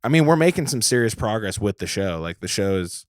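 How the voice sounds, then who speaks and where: A young man co-hosting a podcast in casual chat, laid-back and quick to agree. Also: lowish voice, big pitch swings, no room sound, clean studio sound. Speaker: podcast co-host. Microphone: studio mic.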